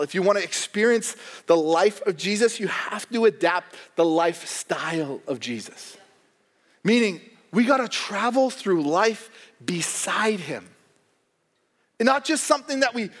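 A man preaching a sermon as pastor, animated and joking, acting out the voices of characters in the stories he tells. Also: high voice, normal speed. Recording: long hall reverb.

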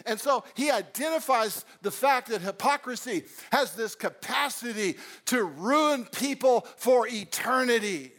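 High-voiced animated male preacher. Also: unhurried, hardly any pauses. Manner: animated preaching, swings between loud emphasis and quiet storytelling. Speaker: pastor. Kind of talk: sermon.

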